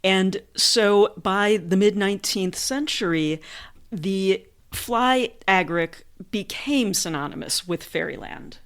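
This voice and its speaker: A woman hosting a podcast, giving an educational monologue in a measured, unhurried storytelling manner with occasional fillers. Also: medium pitch. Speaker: podcast host.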